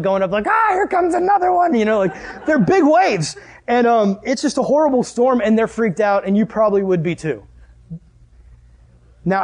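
A young man preaching a sermon in a casual, jokey way, telling a family story and acting out the people in it. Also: high-pitched. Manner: animated, jokey, acts out the characters in his stories.

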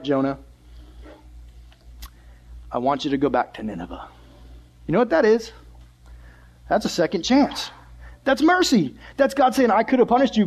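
A young man preaching a lively, conversational sermon as a youth pastor. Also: high-pitched.

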